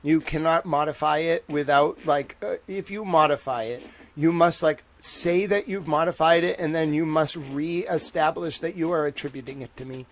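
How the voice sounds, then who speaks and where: A man's voice: fairly high pitch, normal speed. A young man hosting a livestream, chatting casually and rambling animatedly while reacting to viewer chat. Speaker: livestream host.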